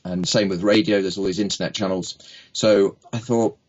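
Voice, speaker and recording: A man's voice: deep voice, steady tone, moderate pace. A man, a speaking coach, telling jokey anecdotes in a casual interview and acting out little quoted exchanges. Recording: dull lo-fi recording.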